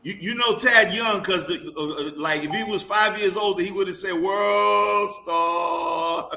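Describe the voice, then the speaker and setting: A man panelist speaks hesitantly in a casual talk, restarting his words, in a high, bright, tense voice. Faint noise sits behind him. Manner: hesitant, halting.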